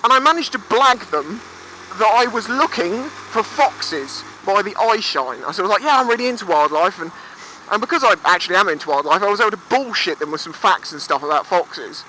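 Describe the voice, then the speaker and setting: A man's voice: high-pitched, lively intonation, moderate pace, sharp tone, rough recording. A young Englishman in his twenties telling stories for his vlog while riding a motorbike by the sea, chatty and swearing freely. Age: 20s. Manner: chatty, swears freely, acts out quoted voices. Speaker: vlogger. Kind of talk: casual storytelling vlog. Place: outdoors on a motorbike by the seafront. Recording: faint road and engine noise.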